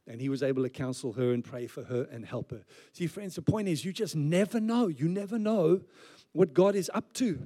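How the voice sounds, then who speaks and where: A man's voice: on the high side, expressive, normal speed, dark tone. A man, preaching as a pastor in a conversational way with joking asides. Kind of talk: sermon.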